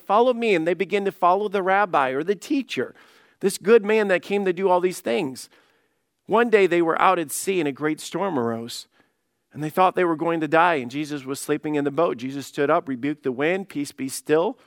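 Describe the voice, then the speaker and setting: High-voiced conversational male pastor. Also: dry recording, studio quality. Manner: conversational, restarts words, acts out quotes. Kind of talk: sermon.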